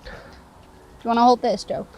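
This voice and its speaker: As co-presenter, a woman casually shows how she makes toasties outdoors on a fishing bank, chatting and laughing often. Her mellow voice is on the high side, with fairly even intonation and a slightly fast pace.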